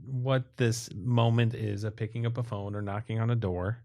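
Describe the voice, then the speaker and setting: A man with a fairly low voice chats on a podcast, backing up his co-host with quick agreement and frequent laughter. He explains ideas in a loose, friendly way. The sound is dry and close. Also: steady tone, dark tone, dry recording. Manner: encouraging, laughs often, breaks into playful bits. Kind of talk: casual chat.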